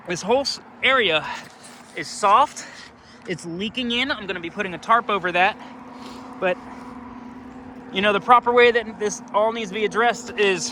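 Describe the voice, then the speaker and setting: A man's voice: high voice, sharp tone, slight background noise. A man, a roofing contractor, out of breath and exasperated as he walks through damage outdoors on a roof, explaining each point step by step. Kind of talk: on-site inspection walkthrough.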